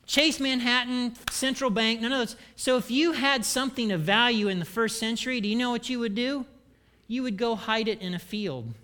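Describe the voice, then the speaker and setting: A man giving a church sermon as pastor, animated and humorous, with self-deprecating asides. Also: very high-pitched, moderate pace, clear, resonant tone.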